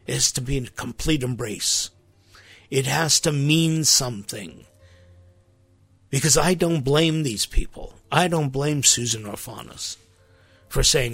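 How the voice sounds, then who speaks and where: A man delivering an impassioned sermon with a gravelly, somewhat husky voice. He presses his points with sharp emphasis. The sound is close and dry. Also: medium pitch, measured pace, long pauses, dry recording. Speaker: preacher.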